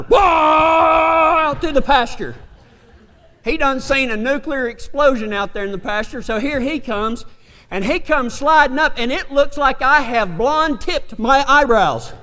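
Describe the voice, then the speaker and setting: A man preaching a sermon, telling a funny story in a folksy, animated country way. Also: very high voice. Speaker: pastor. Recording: reverberant hall.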